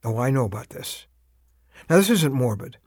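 A man hosting a spoken radio devotional, telling a story earnestly and slowing down to stress each urgent call to action. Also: medium pitch, sing-song, darkish tone, no echo, clean studio sound. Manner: heartfelt, emphatic storytelling.

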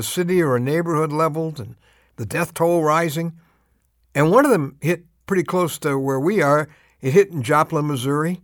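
A heartfelt man delivers a devotional message in a slightly high voice, speaking close to the mic in a dry, deadened space. His storytelling is earnest and emphatic, and he draws out his key phrases. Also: no room sound, soft background music. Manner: slows down to stress urgent calls to action. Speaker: radio devotional host.

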